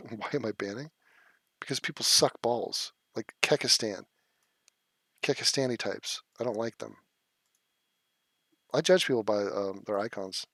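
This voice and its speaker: A man's voice: mid-range voice, fairly bright tone, no room sound. Guy on a livestream reading chat, swears a lot, blunt and scoffing, dead dry sound. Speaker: livestream host.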